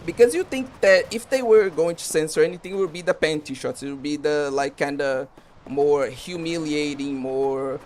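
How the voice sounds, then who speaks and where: A man's voice: on the high side, moderate pace, darkish tone. A man streaming a game, talking casually and rambling with lots of fillers. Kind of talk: casual commentary while gaming.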